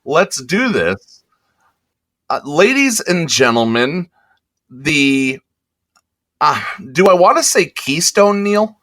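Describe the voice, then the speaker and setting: A man hosting a podcast, making a rambling, halting announcement in casual chat. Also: on the high side, very animated, fairly bright tone. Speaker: podcast host.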